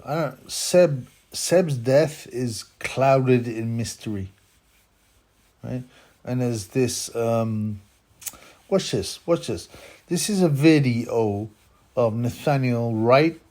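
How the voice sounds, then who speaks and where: A man's voice: mid-range voice, a little mellow. Guy rambling about boxing on his channel, opinionated, conspiracy-ish asides, keeps saying huh and man. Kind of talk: casual commentary monologue.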